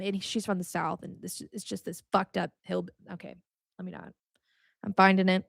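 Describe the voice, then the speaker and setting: A woman's voice: mid-range voice, fairly quick, creaky, a bit bright, no room sound, clean studio sound. A young adult woman hosting a podcast, teaching about faith in a blunt, casual way, cussing freely and ranting with animation. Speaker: podcast host.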